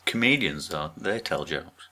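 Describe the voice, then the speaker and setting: A man co-hosting a casual podcast chat, answering with stubborn, deadpan comebacks. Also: a bass voice, a little slow. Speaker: podcast co-host.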